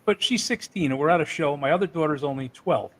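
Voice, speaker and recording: A man's voice: a little high, quick pace, crowd noise, rough recording. A man being interviewed, telling heated stories and swearing freely. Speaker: interview guest. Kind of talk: casual interview.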